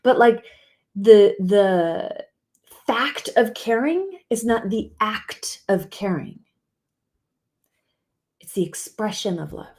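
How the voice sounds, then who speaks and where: A middle-aged woman coaches on relationships in an earnest, soft-spoken motivational talk. Her voice sits at a middle pitch. She often sinks to a near whisper, then pushes out a line with sudden emphasis. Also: expressive, takes it slowly, long pauses.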